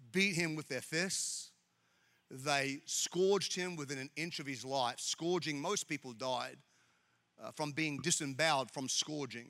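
A man preaching a sermon in an animated, jokey way, often repeating his words. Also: fairly high pitch. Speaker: pastor. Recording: echoey hall with long reverb.

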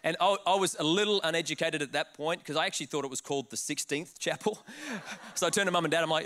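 A man with an Australian accent preaching a sermon, telling a funny personal story with quick laughs and acted-out quotes. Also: a little high. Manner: animated, laughing, restarts words, acts out quotes. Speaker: pastor.

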